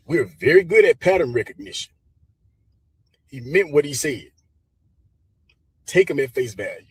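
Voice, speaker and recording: American guy going off on camera, preachy and pushy, raspy voice, pretty high. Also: expressive, a little slow, dry recording. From United States. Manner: emphatic, preachy, addresses viewers directly. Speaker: social media commentator. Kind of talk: direct-to-camera commentary.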